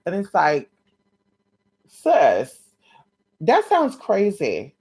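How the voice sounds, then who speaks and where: A woman's voice: lowish voice, wildly swooping pitch, extremely slow, long pauses, darkish tone, husky. A woman vlogging from home late at night, talking to her viewers in a sassy, blunt and playful way and calling them honey and sis. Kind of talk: casual talk to viewers.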